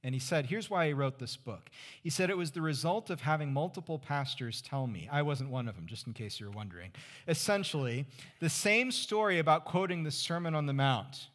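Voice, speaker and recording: A man preaching a sermon as pastor, conversational, asking the congregation rhetorical questions and dropping to a hush for emphasis. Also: on the high side, expressive, a little fast. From California Central Valley.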